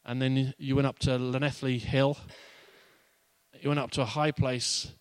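A man delivers a sermon in a relaxed, conversational way, full of asides and humor. His voice sits in a middle register. The recording is close and dry, with little room sound. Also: medium pitch, moderate pace, smooth, no echo. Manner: conversational and playful, with laughs and asides. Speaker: pastor.

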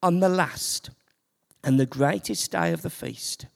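A preacher delivering a sermon to a church congregation, slow and building to loud, emphatic points. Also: mid-range voice, gravelly. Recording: long hall reverb.

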